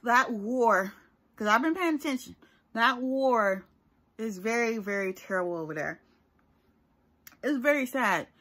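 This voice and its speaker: A woman's voice: fairly high pitch, lively intonation, measured pace, pauses often, fairly bright tone. A young woman talking casually to her viewers in a rambling, chatty vlog. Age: young adult. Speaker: YouTuber.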